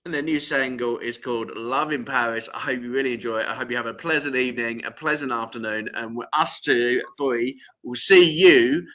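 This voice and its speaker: A man's voice: medium pitch, steady tone, brisk, hardly any pauses, sharp tone. A man co-hosting a live music show, chatting playfully and bantering with his co-host.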